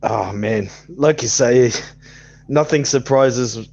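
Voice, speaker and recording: A man's voice: mid-range voice, slow, a little mellow, dull audio. A man chatting casually about boxing as a co-host, easygoing and given to chuckling.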